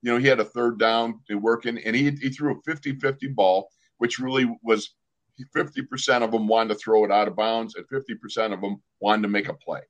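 Older man spinning animated football stories. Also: lowish voice, brisk. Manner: animated storyteller, acts out other people's lines. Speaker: former pro football player, podcast co-host. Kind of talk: casual sports storytelling.

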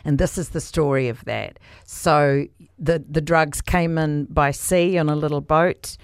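Middle-aged NZ actress, low voice, lively anecdotal interview guest, dry mic. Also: female voice, unhurried, smooth, dry recording. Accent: New Zealand. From New Zealand. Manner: animated, laughing storyteller. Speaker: actor guest. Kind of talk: casual interview chat.

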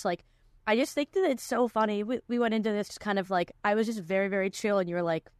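A woman's voice: medium pitch, brisk, no echo, studio quality. A young woman hosting a casual podcast chat, talking loosely with many likes and restarts. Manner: chatty, many likes and restarts, laughs often. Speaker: podcast host.

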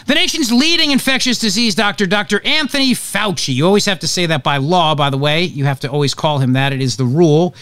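A male radio host with a lively, swinging delivery, pitched a touch high, mocking and joking as he runs through the news. The sound is dry and close, with no room around it. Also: dry recording. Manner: sarcastic, animated, jokey asides. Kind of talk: opinionated talk radio monologue.

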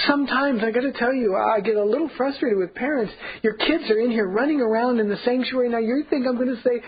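A man's voice: very high-pitched, fast talker, few pauses, lo-fi sound, a little hiss or hum. A man preaching a sermon as pastor, earnest and emphatic, repeating key points.

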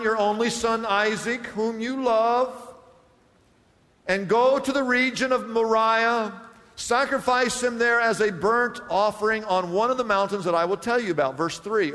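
A man's voice: high-pitched, fairly bright tone, long reverb tail. A male pastor preaching a sermon, acting out Bible scenes and reading scripture aloud.

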